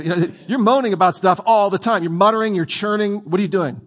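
A man's voice: high-pitched, fast, few pauses, a little hiss or hum. Man preaching a conversational sermon. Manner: conversational and playful, with asides to the audience.

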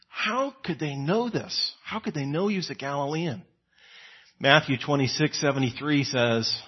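A man preaching a conversational sermon, acting out quoted lines with sudden rises in pitch and volume. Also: slightly rough, muffled recording.

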